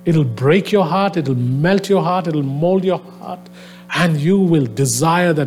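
A man with a somewhat high voice delivers a sermon, starting out relaxed and full of little "uh"s as he tells a story. His delivery then swells into earnest, emphatic urging. Faint music sits low behind him. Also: a little slow. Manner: conversational storytelling with many fillers, rising to fervent exhortation. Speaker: preacher. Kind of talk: sermon to a live audience. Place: venue with a soundboard.

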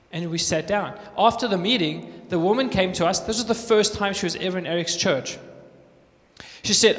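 A man telling lively testimony stories in a church, acting out the dialogue. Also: high voice. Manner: animated storyteller acting out dialogue. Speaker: guest speaker sharing testimonies. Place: church hall. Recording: reverberant church hall.

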